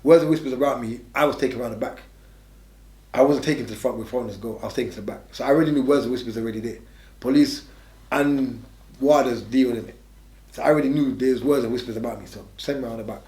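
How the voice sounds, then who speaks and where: In an echoey room, an English man being interviewed rattles off casual stories in streetwise slang, repeating phrases for emphasis. He talks fast, with a mellow, mid-range voice.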